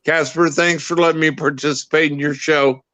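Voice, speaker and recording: A man's voice: fairly high pitch, fairly even intonation, moderate pace, sharp tone, dry recording. A man speaking as a guest on a live stream panel, polite and plain-spoken with a few hesitations. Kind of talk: casual chat over a video call. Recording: dry, muffled remote call audio.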